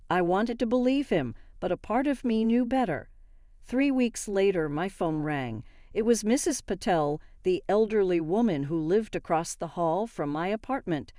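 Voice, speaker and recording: A woman narrating a first-person story in a steady, matter-of-fact way. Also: mid-range voice, normal speed, no room sound, studio quality.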